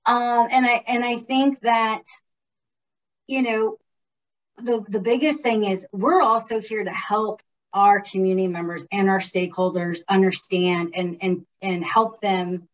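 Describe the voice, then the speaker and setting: A woman's voice: medium pitch, fairly even intonation, measured pace, far from the mic, muffled recording. A woman who directs public policy, chatting informally about the legislative process with many fillers and restarts. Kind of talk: casual informational chat.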